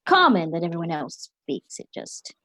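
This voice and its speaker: A refined, languid cat aristocrat, played by a woman, who drawls endearments. The voice is low, with faint background noise. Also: big pitch swings, moderate pace, pushed and bright, poor audio. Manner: languid, calls others darling.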